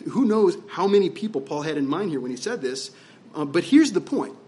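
A man's voice: a little high, big pitch swings, fairly quick, dark tone. A man preaching as pastor, conversational and emphatic, asking his listeners rhetorical questions. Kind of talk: sermon.

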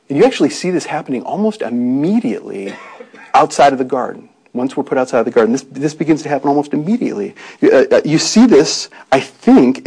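A man's voice: medium pitch, creaky, a little mellow, husky, poor audio. A man preaching a sermon in an earnest, conversational way, with frequent restarts and rhetorical questions.

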